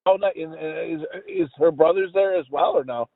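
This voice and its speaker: A man's voice: fairly high pitch, fairly quick, no room sound. A man in his forties co-hosting a podcast, stuffy and mumbling, who laughs often and swears freely. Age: 40s. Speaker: podcast co-host. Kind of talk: casual chat. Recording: tinny phone-like call audio.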